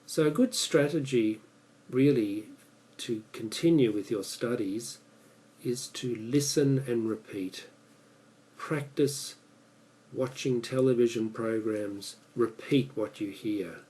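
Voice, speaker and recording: A man with an Australian accent giving a measured, prepared speech as an English speaking coach. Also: medium pitch, warm tone, poor audio. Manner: measured, deliberate delivery.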